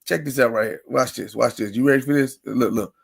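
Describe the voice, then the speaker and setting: On his casual sports talk livestream, this host rants emphatically and calls out chat viewers by name. His medium-pitched voice is fairly quick, gravelly and husky.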